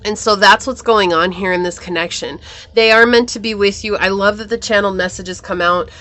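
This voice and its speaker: A woman's voice: medium pitch, fairly even intonation, a little fast, bright, forceful tone. A woman giving a pick-a-card tarot reading to her viewers in a chatty, upbeat way. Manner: chatty, upbeat, addresses viewers as you guys. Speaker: tarot reader.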